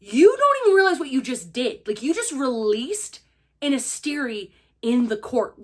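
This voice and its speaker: A young woman gushing through a casual, spoiler-filled book review, excitable and full of "like". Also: high voice, normal speed. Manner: gushing, excitable, heavy use of "like".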